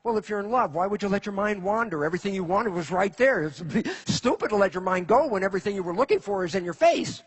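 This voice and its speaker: Husky, high-voiced man lecturing a crowd. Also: quick pace, hardly any pauses. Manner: animated, asks the audience rhetorical questions. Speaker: speaker giving a lecture. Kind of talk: lecture to a live audience. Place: in front of an audience.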